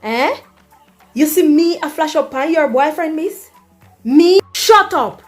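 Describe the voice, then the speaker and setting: A woman voicing a jealous, fiery young woman in a comedy skit, loud and confrontational. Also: a little slow, faint music behind. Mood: angry. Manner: confrontational and shrill.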